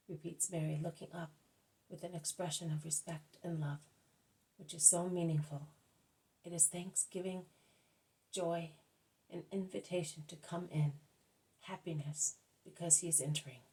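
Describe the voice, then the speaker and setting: A woman reading a devotional book aloud at a careful, measured pace, now and then correcting herself. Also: lowish voice, fairly even intonation, warm tone, rough recording. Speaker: audiobook reader.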